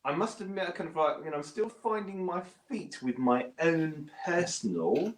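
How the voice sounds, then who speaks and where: A British man, a guest bass player, chatting self-deprecatingly from his home studio over a video call. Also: moderate pace, a little hiss or hum. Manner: chatty and self-deprecating, with lively pitch jumps. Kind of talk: casual interview chat. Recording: roomy echo.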